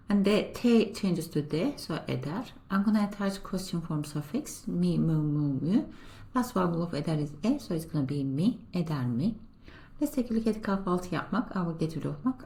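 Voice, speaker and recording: A woman teaching a beginner language class, calm and patient as she builds each example one step at a time. Her voice sits a little low. She slows down and says each example sentence carefully. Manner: patient, explaining and repeating slowly. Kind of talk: step-by-step grammar lesson.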